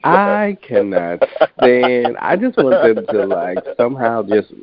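A man's voice: mid-range voice, very animated, takes it slowly. A man in casual chat who tells stories with energy, acts out what other people said, and swears freely. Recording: dry, thin phone-like sound.

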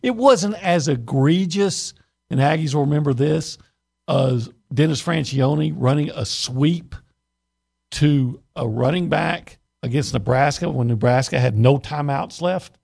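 A man's voice: fairly high pitch, measured pace, creaky, darkish tone, breathy edge. A man giving blunt, opinionated sports analysis on a radio show, often stopping and restarting mid-sentence. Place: radio studio.

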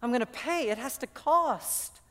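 A woman's voice: sits high, expressive, measured pace, fairly bright tone, big-room sound. A woman preacher voicing King David as a firm, humble man who insists on paying. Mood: insistent. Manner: earnest, insistent repeating.

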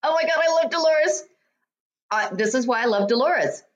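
A woman's voice: high voice, normal speed, muffled recording. A woman co-hosting a casual podcast, chatting enthusiastically as she recaps a show. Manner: chatty, enthusiastic, animated retelling. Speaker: podcast co-host. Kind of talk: casual chat recapping reality TV.

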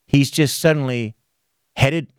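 A man's voice: medium pitch, measured pace, clear, resonant tone, dry recording, studio quality. A man hosting a podcast, telling a story animatedly with lots of swearing in casual chat. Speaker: podcast host.

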